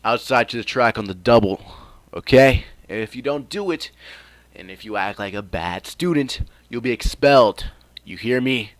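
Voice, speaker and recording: A man voicing a gruff, strict male teacher who is scruffy and sleepy, speaking bluntly and bossily in a casual fan story. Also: low-pitched, fairly even intonation, moderate pace, fairly bright tone, dry recording. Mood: bossy. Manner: blunt, bossy.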